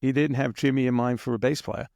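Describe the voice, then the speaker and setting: A man with a gravelly, fry-laden voice tells story after story as an interview guest, rambling and chuckling and now and then imitating drum beats. The recording is dry and close, with no room sound. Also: mid-range voice, steady tone, quick pace, darkish tone, no echo. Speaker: guest drummer. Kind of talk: casual anecdotal storytelling.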